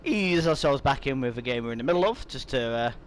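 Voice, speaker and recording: A man talking through a video game in a loose, rambling way, stopping himself now and then with hiccups. His voice sits at an ordinary middle pitch, and faint game and vehicle noise hums quietly behind him. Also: animated, fast talker. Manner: chatty, rambling, with hiccups and restarts. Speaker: gaming YouTuber. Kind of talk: casual let's-play commentary.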